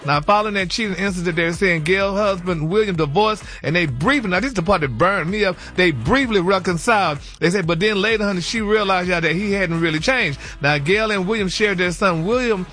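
A man's voice: high-pitched, a little fast, hardly any pauses, bright, forceful tone, soft background music. A man delivering celebrity news on a morning radio show in a chatty, emphatic way, tossing in "y'all" and "honey" as he talks. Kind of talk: casual gossip commentary.

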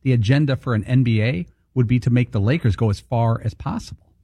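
A man's voice: medium pitch, fast talker, mellow, breathy edge, no room sound. A man chiming in on a sports radio show, offhand and musing. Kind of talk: casual radio banter.

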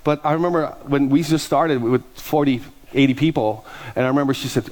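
A male pastor preaching in an animated, conversational way, telling stories and acting out the voices of the people in them. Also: medium pitch, fairly quick. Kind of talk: storytelling sermon.

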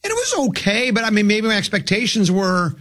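A middle-aged man trades casual banter as a radio host, his voice sitting a bit high. He talks in a wry, storytelling way, full of asides. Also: big pitch swings, fairly quick, a bit bright.

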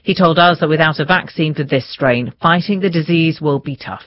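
A woman presenting the radio news in a measured, formal way. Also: deep voice. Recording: dull lo-fi broadcast audio.

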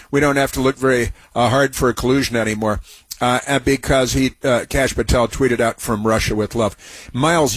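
A man hosting a talk radio show, delivering a mocking, sarcastic monologue full of halting fillers. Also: medium pitch, slightly rough, no room sound.

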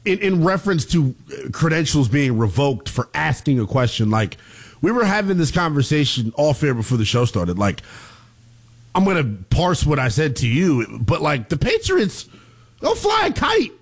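A man's voice: on the high side, moderate pace, husky. A man co-hosting a sports talk show, talking loosely with lots of fillers and sudden jumps in emphasis. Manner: lively, loose, many fillers.

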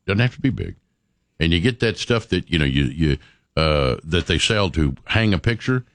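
Rambling, animated male radio host. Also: low voice, normal speed, no room sound, clean studio sound. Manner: rambling, stammering repeats. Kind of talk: morning radio banter. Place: radio studio. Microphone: studio microphone.

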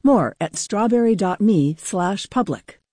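A woman's voice: medium pitch, lively intonation, unhurried, dark tone, no room sound, clean studio sound. A woman reading sponsor credits for a radio program. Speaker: funding announcer.

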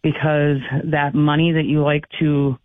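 A man's voice: fairly high pitch, completely flat delivery, a little slow, no echo. A man calling in to a radio talk show, earnestly giving advice. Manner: earnest, advising. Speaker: caller. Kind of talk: call-in radio chat. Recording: dry phone line.

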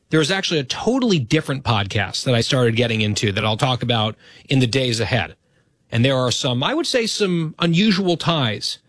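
A man's voice: mid-range voice, fairly bright tone, no echo. A man hosting his talk radio show, speaking in an earnest, grateful and self-deprecating way into a studio microphone.

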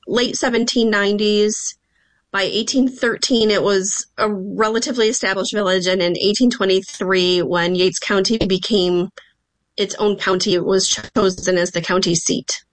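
A woman of middle pitch explains local history as a radio guest on the phone. She speaks with fillers and small restarts, and the sound is dry. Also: no echo, poor audio. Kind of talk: radio interview answers.

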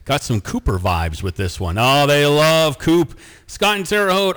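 A man's voice: on the high side, sing-song, unhurried, a bit bright, clean tone, big-room sound. A man hosting a sports radio show in a studio, chatting casually, joking and reading listener texts aloud.

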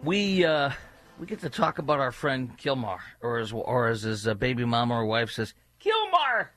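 A man's voice: medium pitch, moderate pace, a bit bright, faint music behind. A man guest-hosting a political talk radio show, speaking in a sarcastic, mocking way.

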